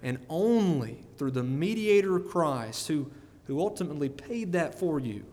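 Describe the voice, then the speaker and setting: A man's voice: a little high, lively intonation, normal speed, darkish tone, long reverb tail. A man preaching a sermon in an earnest way, often repeating words and putting questions to his listeners.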